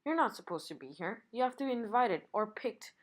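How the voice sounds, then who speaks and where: A woman's voice: fairly high pitch, lively intonation, brisk, natural voice. An exasperated female plant villain from a comic book, scolding in a plain voice, as a woman reads her lines aloud. She nags and lectures, reading straight from the page.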